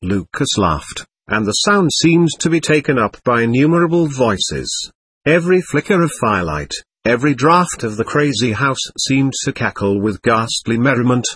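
A man narrating a novel in a measured, even reading voice. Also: medium pitch, slightly rough, no echo. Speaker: audiobook narrator. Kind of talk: scripted narration.

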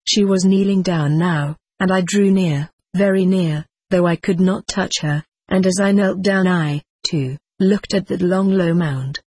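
A woman reading a first-person story aloud as an audiobook narrator, in a measured and solemn dramatic manner. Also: lowish voice, darkish tone, breathy edge, no room sound.

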